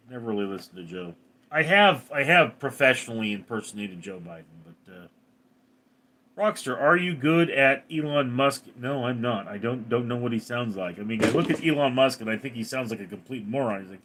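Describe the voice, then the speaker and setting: Lively, bright-voiced man joking with chat. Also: medium pitch. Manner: joking, reacting quickly to chat messages. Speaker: livestreamer reading chat. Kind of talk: casual live chat.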